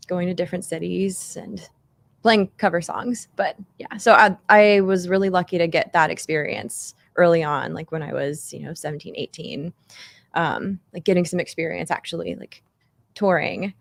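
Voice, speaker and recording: Woman in her twenties with a low, gravelly voice. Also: normal speed. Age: 20s. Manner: relaxed, fillers like "like" and "you know", laughs easily. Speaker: singer-songwriter guest. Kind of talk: casual interview chat.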